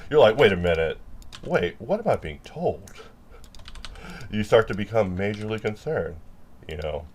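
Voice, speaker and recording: A man chatting casually and rambling while he works, self-mocking, sometimes bursting into loud mock-angry lines. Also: lowish voice, animated, moderate pace, slight background noise.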